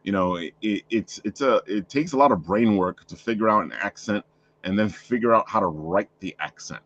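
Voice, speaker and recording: A man's voice: fairly low pitch, moderate pace, fairly bright tone, no echo, lo-fi sound. Rambling, laughing male podcast host. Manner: rambling, with frequent restarts and laughter. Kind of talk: casual chat.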